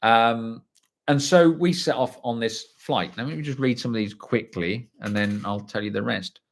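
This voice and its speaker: A man's voice: medium pitch, moderate pace, vocal fry. A man, telling a story on a livestream and reading out viewer comments, chatty and blunt, swearing freely. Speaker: livestream host.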